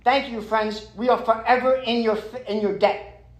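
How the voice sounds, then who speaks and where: A man's voice: very high voice, level tone, moderate pace, echoey room. A man voicing a huge, proud male elephant who leads a herd in a spoken fable, amused and condescending. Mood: grateful.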